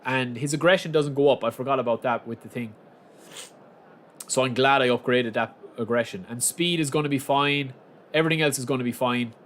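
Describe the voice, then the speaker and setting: A young man casually commentating his own football game on a live stream, chatting with viewers and bursting into shouts at big moments. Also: mid-range voice, brisk, slight background noise.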